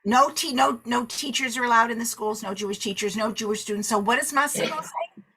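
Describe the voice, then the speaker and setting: A woman leading a book club discussion, animated and acting out the characters' lines as she retells the story. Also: a little high, fairly quick, slightly rough.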